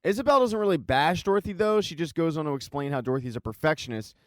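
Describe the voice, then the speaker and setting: A man's voice: a little high, expressive, fast, no echo. A man narrating a casual TV show recap with wry, dry asides. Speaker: TV recap host.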